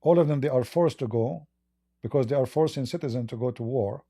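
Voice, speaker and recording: A man with a very dark, mellow voice hosts a live call-in debate. He talks haltingly, restarting and repeating words as he presses his caller with blunt questions. The sound is dry and close. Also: mid-range voice, no room sound. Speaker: debate host.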